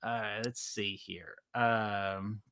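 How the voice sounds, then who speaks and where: A man's voice: lowish voice, level tone, extremely slow, a bit bright, clean tone. A man with a Southern US accent hosting a casual live stream, greeting chat by name, laughing and swearing casually.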